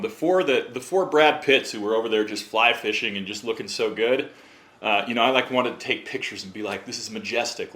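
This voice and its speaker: A man who is a podcast guest, telling a story in a casual, animated way and acting out what others said. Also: fairly low pitch. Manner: animated, acts out quotes in other voices.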